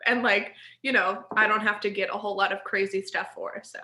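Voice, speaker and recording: Bright-voiced woman in her thirties, echoey room. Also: medium pitch, brisk, few pauses. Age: 30s. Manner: rambling, animated, laughs often. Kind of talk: casual storytelling chat.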